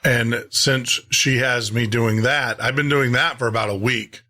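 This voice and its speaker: Bright-voiced male host, halting delivery. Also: mid-range voice, steady tone. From Tennessee, US. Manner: halting, with frequent pauses and restarts. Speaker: radio show host. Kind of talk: casual chat.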